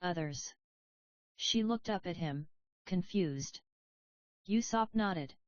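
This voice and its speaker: Slow, measured female audiobook narrator. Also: mid-range voice, lively intonation, no echo. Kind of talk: scripted story narration. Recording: dry, slightly dull audio.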